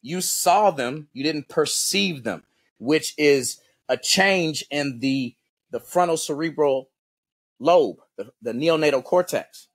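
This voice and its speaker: Slow-paced and fairly high-pitched, this combat coach appears as a podcast guest and chats casually. He is an animated storyteller who acts out the quotes in his tales, dropping "right?" and "bro" throughout.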